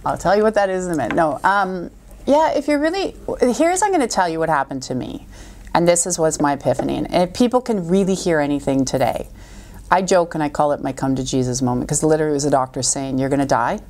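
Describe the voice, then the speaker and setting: A middle-aged woman who speaks as a podcast guest, with a fairly low voice for a woman. She is an animated storyteller and acts out what people say in little quoted voices. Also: quick pace, a little hiss or hum. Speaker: guest coach. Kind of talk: podcast interview.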